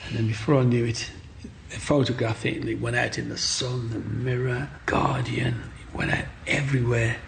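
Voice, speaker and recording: A middle-aged man telling his life story in an interview, animated, acting out the voices of people in his story. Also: medium pitch, moderate pace, vocal fry, a little hiss or hum. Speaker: guest.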